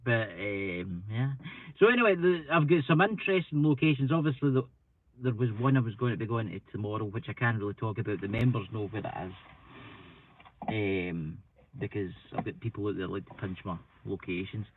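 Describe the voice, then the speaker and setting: This Scottish paranormal streamer speaks a little fast in a lowish voice, casually rambling and self-deprecating while stuffy with hay fever. There's slight background noise, and his computer mic makes everything sound dry and tinny, almost like a phone.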